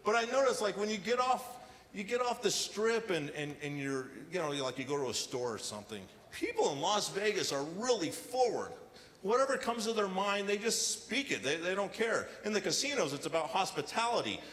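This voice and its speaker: A man performing a stand-up comedy set with deadpan storytelling and acted-out quotes, on a casino showroom stage. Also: high voice, brisk. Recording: live hall reverb with faint ambience.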